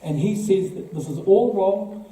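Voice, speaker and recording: A man's voice: sits high, measured pace, warm tone. A man with a New Zealand accent giving an emphatic speech to a live audience, firing off rhetorical questions and repeating words as he goes. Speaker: political party speaker. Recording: echoey hall, voice from far off.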